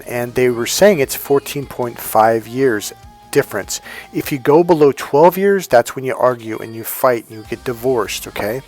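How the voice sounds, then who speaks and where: A man in his fifties giving casual dating advice, rambling with restarts and acting out quoted dialogue. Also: medium pitch. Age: 50s. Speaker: dating coach.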